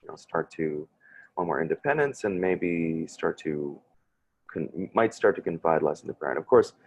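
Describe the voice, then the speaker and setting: Low gravelly man leading a parent workshop. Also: expressive, normal speed, darkish tone, a little hiss or hum. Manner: hesitant, full of fillers and restarts. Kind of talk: online workshop presentation. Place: video call.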